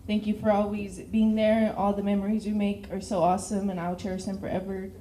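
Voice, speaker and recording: A teenage cheer captain with a Texan accent gives a nervous, tearful thank-you speech, laughing between words. Her medium-pitched voice is warm, level and brisk. There's slight background noise and the room is echoey.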